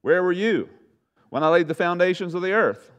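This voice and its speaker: A man's voice: high voice, animated, a bit bright, clear, resonant tone, pitched above the performer's own voice. A man putting on a challenging, all-knowing God. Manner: emphatic, interrogating, slow and deliberate.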